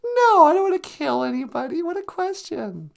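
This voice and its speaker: A man plays a goofy sidekick in a squeaky falsetto. The sidekick giggles shyly and sounds innocent, and the pitch jumps up and down constantly. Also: big pitch swings, moderate pace, creaky, exaggerated voice. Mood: giggly. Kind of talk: live-stream comedy banter.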